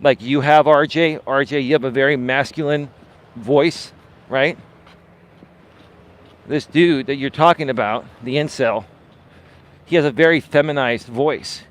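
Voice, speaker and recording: A man's voice: mid-range voice, a little slow, long pauses. A man hosting a live coaching stream, talking in a dismissive, emphatic way, repeating words for stress and often asking "right?". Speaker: life and dating coach, live-stream host. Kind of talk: unscripted live-stream monologue.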